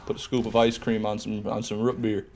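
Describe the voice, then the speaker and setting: A man's voice: on the low side, level tone, brisk, a little mellow, a little hiss or hum. An American man in live gameplay commentary, chatting with viewers in a joking, swearing way and often laughing. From United States. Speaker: gaming streamer.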